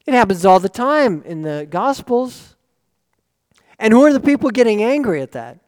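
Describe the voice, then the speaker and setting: A man preaching a sermon in an earnest, lively way, often asking rhetorical questions. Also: high voice, moderate pace, smooth. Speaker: pastor. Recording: long reverb of a large hall.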